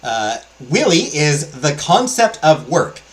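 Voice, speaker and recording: A man's voice: a little high, sing-song, takes it slowly, poor audio. A man hosting a let's play, chatting casually and enthusiastically with many fillers as he talks through a game.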